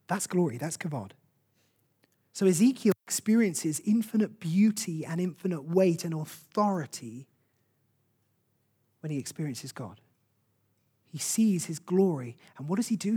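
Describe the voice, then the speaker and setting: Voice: mid-range voice, a little mellow, slightly rough. A preacher delivering a sermon in an earnest, conversational way, often repeating short phrases for emphasis.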